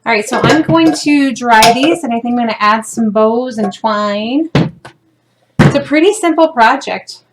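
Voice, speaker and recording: A middle-aged woman talks through a home craft project in a slightly high, chatty voice, joking about herself as she works. A furnace hums clearly behind her in this noisy home recording. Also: unhurried. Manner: chatty, self-deprecating, talks while working. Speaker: craft demonstrator. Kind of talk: casual craft demo chat.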